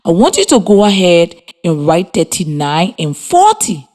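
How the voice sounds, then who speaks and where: Slow, lively woman teaching by radio. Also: on the low side. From Liberia. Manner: slow, clear and encouraging, spells words letter by letter. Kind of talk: slow scripted radio lesson for children. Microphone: radio studio mic.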